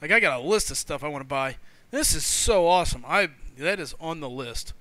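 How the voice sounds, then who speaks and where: A man hosting a live stream, chatting excitably, laughing often and reading viewers' comments aloud. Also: a little high, a little fast, no echo. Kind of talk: casual live-stream chat.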